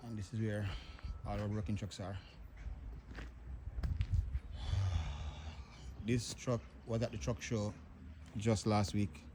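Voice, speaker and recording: Filming on his phone as he walks outdoors through a truck yard wrecked by a storm, a man narrates the damage with grief-stricken exclamations, often repeating himself. His voice sits on the low side, delivered flatly at a normal speed, with background noise behind it.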